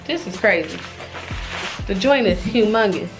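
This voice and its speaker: A young woman chatting casually, expressive and exclaiming, talking straight to viewers. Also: mid-range voice, a little slow, over music, low-quality recording. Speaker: fashion vlogger. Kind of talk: casual try-on haul chat.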